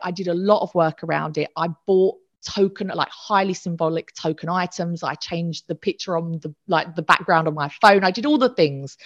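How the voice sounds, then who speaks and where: A woman's voice: lowish voice, a bit bright. A woman, candidly telling an emotional personal story and swearing casually. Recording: slightly dull lo-fi audio.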